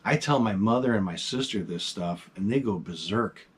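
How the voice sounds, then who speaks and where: Middle-aged man, husky voice, animated storyteller, swears freely, casual vlog talk. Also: on the low side, moderate pace. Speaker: vlog host.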